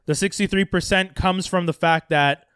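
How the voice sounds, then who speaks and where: Animated high-voiced man chatting. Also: normal speed, clear, resonant tone, no room sound, studio quality. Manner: animated, laughs often, acts out quotes. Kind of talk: casual chat about movies.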